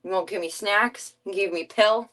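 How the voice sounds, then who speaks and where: A woman's voice: mid-range voice, normal speed, a bit bright, close to an everyday voice. A woman voicing her grumpy, resentful male pet cat, who complains bluntly and petulantly.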